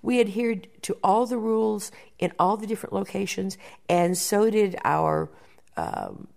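A woman producer in an interview, telling backstage stories in a lively way and often repeating words as she thinks. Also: medium pitch, unhurried, creaky. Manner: animated storyteller, repeats words while thinking. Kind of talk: interview conversation.

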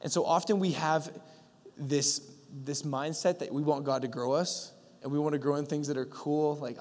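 A young male pastor preaching in a casual, storytelling manner, stumbling through fillers and acting out little dialogues. His voice sits a touch high for a man. The sound rings with the long reverb of a large hall. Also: steady tone, moderate pace, a little mellow. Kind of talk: sermon.

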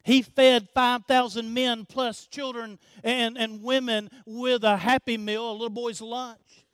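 High-voiced male pastor preaching slowly. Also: little pitch movement, smooth, no echo, studio quality. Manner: earnest preaching with repeated phrases and rhetorical questions; drops to a hush at the end of phrases. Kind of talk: sermon.

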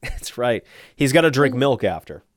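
Male podcast cohost, quick dry jokes; mid voice, lots of pitch swing. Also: big pitch swings, no room sound. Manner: joking, dry wisecracks. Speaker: podcast co-host. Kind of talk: casual chat.

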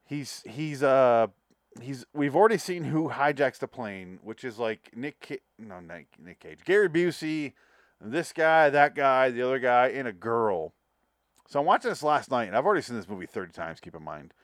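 A man's voice: mid-range voice, animated, normal speed, dry recording, studio quality. A man hosting a podcast, chatting casually about movies with rambling, profane, jokey talk. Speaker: podcast host. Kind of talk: casual movie review chat.

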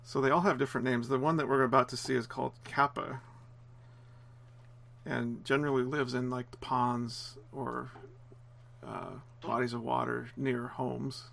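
A man's voice: medium pitch, flat delivery, normal speed, vocal fry, fairly bright tone. A man casually commenting on a film as it plays, explaining scenes and chuckling often. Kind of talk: casual watch-along commentary.

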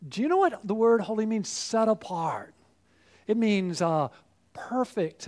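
High-voiced preacher with dramatic swings. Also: male voice, sing-song, measured pace. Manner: emphatic, swings between loud exclamations and hushed asides. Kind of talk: sermon.

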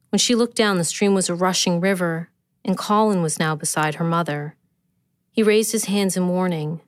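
A woman, the author, reading her own short story aloud in a steady, measured way. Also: on the low side, clean tone, no room sound, studio quality. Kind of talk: scripted narration.

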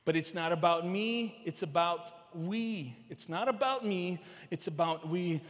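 A male pastor preaches to his congregation in a high-pitched voice. He repeats his key phrases and speaks to the people in front of him directly. His voice carries a long reverb from a large church sanctuary. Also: moderate pace, hardly any pauses, fairly bright tone. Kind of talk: sermon.

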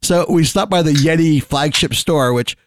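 A man's voice: on the high side, normal speed, no echo. A man telling rowdy, profane stories in casual chat among friends. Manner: rowdy, profane storytelling with frequent laughs.

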